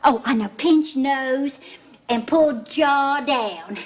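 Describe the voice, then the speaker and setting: A woman's voice: high-pitched, slow pace. An actress playing a fretful middle-aged mother in a 1970s TV soap, fussing, scolding and pleading. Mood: flustered.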